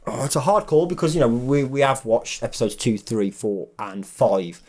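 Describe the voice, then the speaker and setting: Brief: male co-host, mid-pitched voice, relaxed and conversational, asks the questions. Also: normal speed. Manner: relaxed, leads the questions, says "reckon" and "brilliant". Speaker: podcast co-host. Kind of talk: casual chat.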